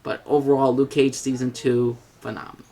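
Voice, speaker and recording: A man talks through a casual video review at a middle pitch, rambling and restarting often. He is blunt and swears now and then. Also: level tone, a little fast, warm tone. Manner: rambling, hesitant, with many fillers and restarts.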